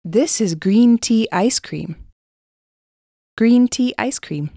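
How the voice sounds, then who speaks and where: A woman narrating simple picture descriptions for an English lesson, saying words clearly and repeating them. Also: fairly high pitch, animated, takes it slowly, warm tone, no room sound, clean studio sound. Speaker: English teacher.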